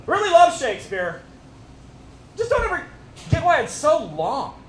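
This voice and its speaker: A man in his fifties doing a stand-up set at a fundraiser, animated and self-mocking as he teases the audience. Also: very high voice, measured pace. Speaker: stand-up comedian. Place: stage at a fundraiser event. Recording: echoey room with crowd noise. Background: audience laughter.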